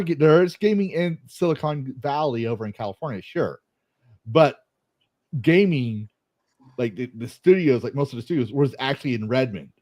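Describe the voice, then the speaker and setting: A man's voice: mid-range voice, darkish tone, no echo. A man from Texas hosting a casual chat, telling rambling, joking stories.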